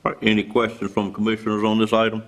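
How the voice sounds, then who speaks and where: A man chairing a county meeting, brisk, procedural and courteous. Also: lowish voice, completely flat delivery, rough recording.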